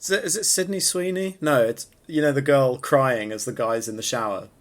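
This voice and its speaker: A man's voice: mid-range voice, fairly quick. A man co-hosting a podcast in casual comedic chat, joking and laughing often. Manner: joking, laughs often, trails off mid-sentence. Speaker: podcast co-host.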